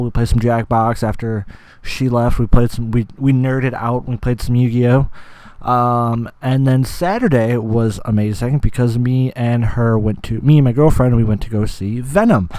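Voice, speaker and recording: A man's voice: mid-range voice, a little mellow, smooth, dry recording. A young man hosting a podcast, rambling enthusiastically in casual chat, with lots of fillers and swearing. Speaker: podcast host.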